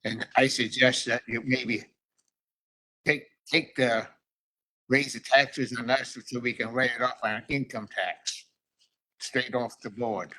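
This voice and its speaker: An older man gives a rambling, halting public comment at a county board meeting. His voice is bright and sits mid-range. He restarts his sentences often. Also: medium pitch, fairly even intonation, low-quality recording.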